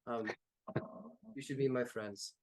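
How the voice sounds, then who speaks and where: A man voicing a weary, blunt woman pirate captain in a tabletop game, speaking quickly and quietly. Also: medium pitch, steady tone, dry recording, lightly acted, poor audio. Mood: subdued.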